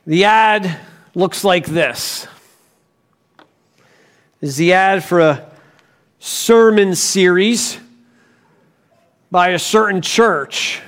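Pastor guy preaching slow in a church, fairly high voice, gets animated telling stories. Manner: deliberate preaching, rising to animated storytelling. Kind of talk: sermon.

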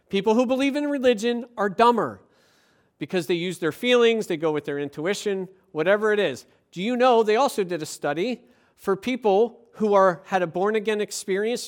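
Preacher talking casually to the congregation, lots of quick questions, animated and chatty. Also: medium pitch. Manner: lively, conversational, rhetorical questions. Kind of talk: sermon.

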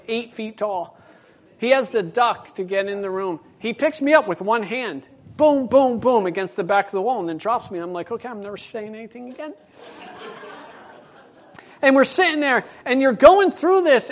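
A middle-aged male pastor preaching a sermon, telling a personal story in an animated way and acting out the voices. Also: high-pitched.

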